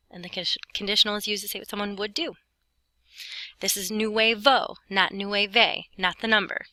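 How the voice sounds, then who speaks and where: A woman's voice: mid-range voice, sharp tone, no room sound, poor audio. A young adult woman giving a recorded Spanish lesson, explaining grammar in a chatty way with playful asides. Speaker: Spanish teacher. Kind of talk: recorded lesson narration over notes.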